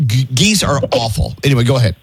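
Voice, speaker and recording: A man's voice: medium pitch, expressive, quick pace, slightly rough, faint music behind. A man hosting a call-in radio show and teasing his callers in a playful, joking way. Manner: jokey and playful.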